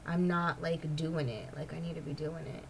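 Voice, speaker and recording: A woman talking casually to her camera as a vlogger, with a somewhat low voice. She rambles from thought to thought and leans on "like" constantly. Faint noise sits behind her. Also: normal speed, gravelly, poor audio. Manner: rambling, heavy use of "like". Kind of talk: casual personal chat to camera.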